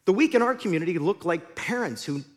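A man preaching a sermon as pastor, in an animated, conversational storytelling way. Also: sits high, quick pace.

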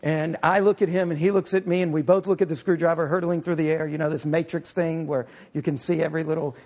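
High-voiced male pastor in a reverberant hall. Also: fairly even intonation, fast, a little mellow. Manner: storytelling, playful asides to the congregation. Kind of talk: sermon. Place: church sanctuary. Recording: long reverb of a large hall.

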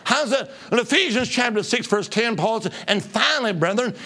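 A middle-aged man preaching, telling stories with humor and call-and-response, swinging between loud bursts and hushed asides. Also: very high voice, expressive, moderate pace. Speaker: traveling preacher. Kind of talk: humorous storytelling sermon.

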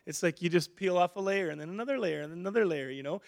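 A middle-aged man preaching a sermon in an animated, conversational way, often restarting his sentences. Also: high voice, fast, gravelly.

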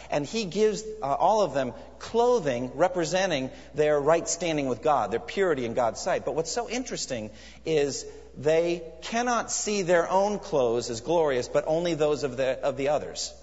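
A man preaching a sermon in an earnest, conversational way, often restarting his phrases. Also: on the high side. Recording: dull sound with long hall reverb.

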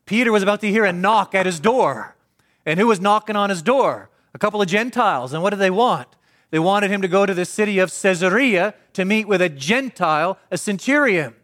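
A man preaching a sermon, asking the congregation questions and answering them himself, swinging from emphatic to hushed. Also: sits high.

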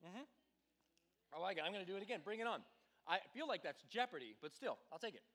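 A man giving a casual youth sermon to a live group in an indoor room, talking in a lively, conversational way and acting out voices in his stories. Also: high voice, very fast. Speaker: youth pastor. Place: warm indoor room with a stage.

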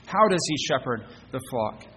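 A male pastor delivers a sermon in an earnest voice of middling pitch, often restarting phrases and putting rhetorical questions to his congregation. His voice carries a long reverb through the church, with a faint hiss of background noise underneath. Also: very animated, moderate pace, pushed and bright. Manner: earnest, repeats words while rephrasing, asks rhetorical questions. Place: church sanctuary.

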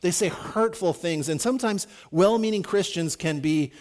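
A man's voice: sits high, normal speed, darkish tone. A man preaching a sermon in a conversational, emphatic way, acting out quotes as he goes. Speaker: pastor.

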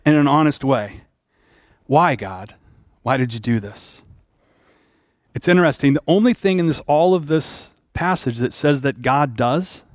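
A man's voice: a little high, dry recording, clean studio sound. A man preaching a sermon as pastor, retelling a story in a plain-spoken, conversational way.

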